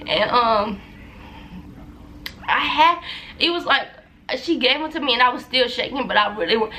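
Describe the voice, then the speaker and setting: A woman's voice: high voice, bright, forceful tone, slight background noise. A young woman telling a personal story to her viewers in a loose, repetitive, chatty way. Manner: talkative, loose, repeats phrases, addresses viewers as y'all. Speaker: vlogger.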